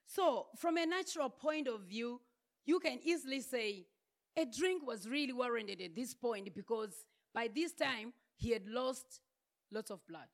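A woman's voice: on the high side, expressive, a little slow. A woman preaching a sermon, building her points through emphatic repeated refrains.

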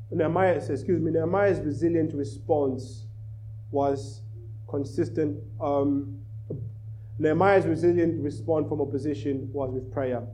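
A man preaching to a church, telling a children's story with lively energy. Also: a little high, slight background noise, low-quality recording. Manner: animated storyteller, rising in volume. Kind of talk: sermon with storytelling.

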